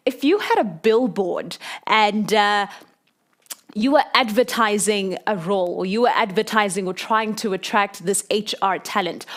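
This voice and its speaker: A woman moderating an online panel discussion, with many drawn-out fillers between phrases. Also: medium pitch.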